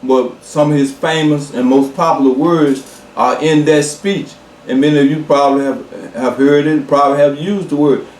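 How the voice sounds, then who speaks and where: A man preaching a sermon, slow and emphatic, repeating key words and pausing with fillers. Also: a little high, fairly even intonation, a little mellow, reverberant, recorded from a distance.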